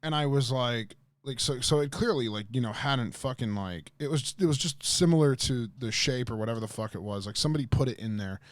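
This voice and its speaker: A man's voice: medium pitch, a little fast, few pauses, no room sound. A man livestreaming, telling a rambling story to his chat with lots of swearing, fillers and restarts.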